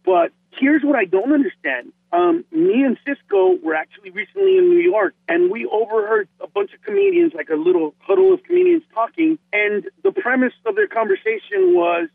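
A man's voice: extremely high pitch, fairly quick, vocal fry, hardly any pauses, dry recording, phone-quality sound. A man from Honduras, a comedian, talking animatedly in an interview and often repeating words as he gets going. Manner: animated, excitable, repeats words when starting. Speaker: comedian guest. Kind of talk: podcast interview chat.

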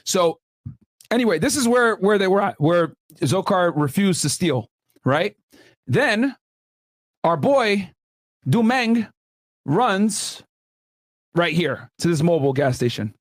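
A young man hosting a casual, profane reaction commentary, animated and quick to laugh. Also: high-pitched, no room sound, clean studio sound. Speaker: YouTube commentary host.

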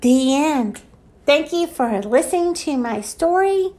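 A woman reads a children's picture book aloud, her fairly high voice swooping widely up and down. She takes it slow and clear, like storytime, and throws herself into playful sound effects. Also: expressive, warm tone.

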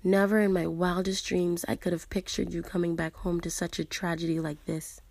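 A woman reading aloud, voicing a grieving father who sobs out an apology in a soft, broken voice. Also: high-pitched, little pitch movement, normal speed, creaky, no room sound. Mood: sobbing. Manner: soft, broken, tearful delivery.

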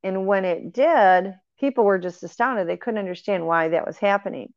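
A woman's voice: mid-range voice, normal speed, no echo. A woman telling her paranormal experiences in an earnest, rambling way, with fillers and restarts. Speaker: guest sharing paranormal experiences. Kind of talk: casual conversational storytelling. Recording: dry, dull lo-fi audio.

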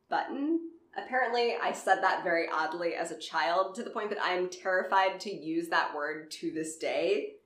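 A woman with a Southern accent co-hosting a casual true-crime podcast. She swears a lot, laughs often and talks in an animated way. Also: fairly low pitch, normal speed, echoey room. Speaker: podcast co-host.

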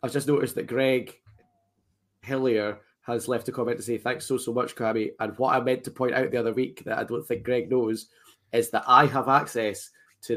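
Male co-host, ordinary pitch, teasing casual delivery. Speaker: podcast co-host. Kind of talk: casual chat.

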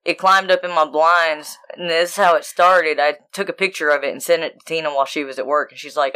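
A woman co-hosting a podcast, telling animated, profane stories in casual chat. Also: low voice, fairly quick, few pauses, smooth. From United States. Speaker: podcast co-host.

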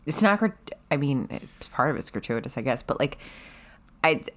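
A woman's voice: a bass voice, lively intonation, moderate pace. A woman co-hosting a casual chat, making dry, wry asides. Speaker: podcast co-host.

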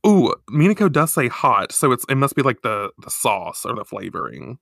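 A woman casually recapping an episode, animated, laughing often and swearing freely. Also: a bass voice, normal speed, creaky, no echo, studio quality. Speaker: podcast host.

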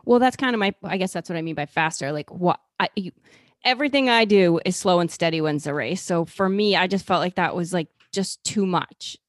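A woman's voice: lowish voice, fairly quick, no room sound, clean studio sound. A woman co-hosting a fitness podcast in casual chat, skeptical and asking pointed questions. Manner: skeptical, questions and pushes back.

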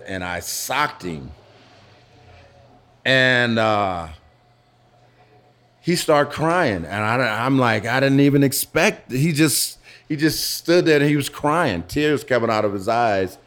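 A man in his fifties, interviewed in a pizza restaurant, telling his story haltingly and often restarting phrases. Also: medium pitch, expressive, a bit bright. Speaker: interview guest.

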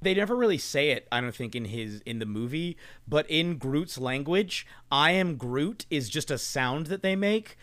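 A man's voice: a little high, a bit bright. Chatty man reviewing a movie. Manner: chatty, laughing, hedging with "like". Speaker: podcast co-host. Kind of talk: casual movie discussion.

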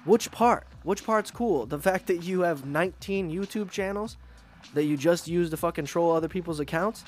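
Ranting man, pitch a touch high. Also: moderate pace, soft background music. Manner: profane, animated ranting with mocking impressions. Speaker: podcast host. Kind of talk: casual rant.

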